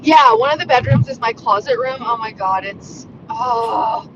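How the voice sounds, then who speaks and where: A woman co-hosting by phone while she drives, loud and gushing, swearing and laughing as she chats. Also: fairly high pitch, a little slow, lo-fi sound. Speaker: podcast co-host calling in. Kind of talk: casual chat while driving. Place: in a car. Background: road noise.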